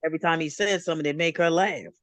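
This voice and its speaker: A man's voice: a little high, rapid-fire, a bit bright, no echo. Man reminiscing in casual chat. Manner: reminiscing, emotional, brief interjections. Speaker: guest.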